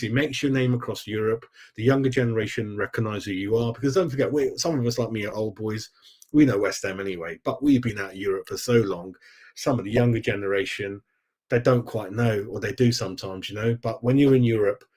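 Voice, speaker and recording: A man's voice: medium pitch, a little mellow. A middle-aged man hosting a casual live fan stream, chatty and blokey, calling his viewers mate. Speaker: fan channel host. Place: home room.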